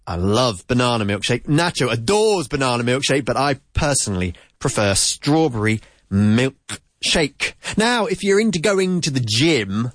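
A man teaching vocabulary to Spanish speakers in a relaxed, chatty way, repeating words slowly to drill their pronunciation. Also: mid-range voice, no room sound, studio quality. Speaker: English teacher. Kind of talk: casual language lesson.

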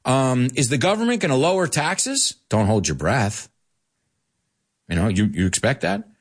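A man's voice: mid-range voice, normal speed. A man hosting a live English lesson, playful and joking with viewers, slipping Spanish phrases into his explanations. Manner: playful, animated, jokes with viewers. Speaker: English teacher and show host.

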